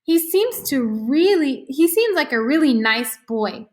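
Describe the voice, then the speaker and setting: Storybook mom, caring, mild scolding, high voice , woman reading. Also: very animated, measured pace. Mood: gentle. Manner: kind, gently corrective. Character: warm caring mother, gently scolding.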